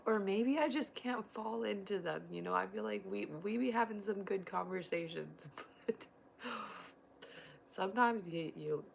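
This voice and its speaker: A woman in her thirties, a mother, hosts a casual livestream, reading viewer comments and rambling in a chatty, emotional way with frequent laughter. Her medium-pitched voice is gravelly and a little slow. The low-quality recording carries slight background noise.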